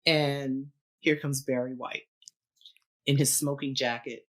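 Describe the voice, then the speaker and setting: Speaking slowly in a very deep voice, this middle-aged keyboardist is a guest on a podcast, spinning a story in relaxed conversation. Her manner is lively, with frequent laughter and imitations of the people she quotes.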